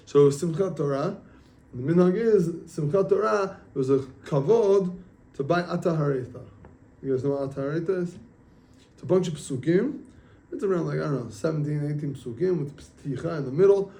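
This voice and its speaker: A man's voice: a little high, a little fast, dark tone. A man, a rabbi, giving a casual sermon and telling stories, often checking with his listeners. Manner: conversational, asks listeners questions.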